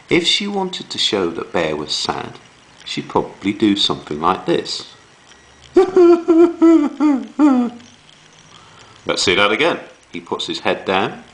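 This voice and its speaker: Slow, lively man teaching children. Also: fairly low pitch, creaky, rough recording. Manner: slow, lively delivery with dramatic read-aloud. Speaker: primary school teacher. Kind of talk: classroom writing lesson.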